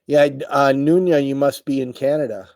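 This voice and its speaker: A middle-aged man chats with viewers on a livestream, tired and stumbling through his words with many fillers. His voice is mellow and warm, recorded close and dry with no room sound. He sounds emotional and worn out. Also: mid-range voice, unhurried, no echo. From United States. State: tired, voice wearing out. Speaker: livestream host. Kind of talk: casual live chat reading viewer comments.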